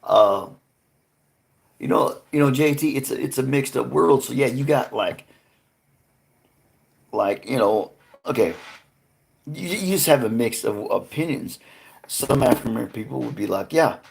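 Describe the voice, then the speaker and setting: A man's voice: medium pitch, animated, vocal fry. A man hosting a live stream, rambling earnestly to his chat with frequent restarts. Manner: rambling, halting, many restarts; earnest, talks to chat viewers by name.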